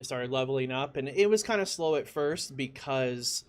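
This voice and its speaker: A man telling a casual personal story as a gaming YouTuber, full of "like" fillers, breaking into excited shouts when he quotes himself. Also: mid-range voice, normal speed. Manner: lots of "like" fillers, conversational.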